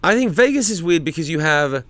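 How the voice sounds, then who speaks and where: A man's voice: a little high, very animated, brisk, a bit bright. A middle-aged man hosting a loose livestream from home, chatting with viewers by name and swearing freely. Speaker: streamer hosting a live chat. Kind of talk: casual livestream chat reading viewer comments.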